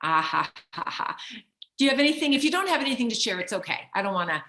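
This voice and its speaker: A woman's voice: fairly high pitch, big pitch swings, fast, pushed and bright, echoey room. A woman hosting a casual group video call, cheerful and encouraging, calling on people by name. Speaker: call host.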